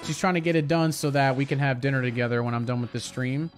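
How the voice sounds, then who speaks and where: A man's voice: mid-range voice, fast talker, over music. A man chatting casually with viewers during a game livestream, reacting to gameplay and reading chat aloud. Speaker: game streamer.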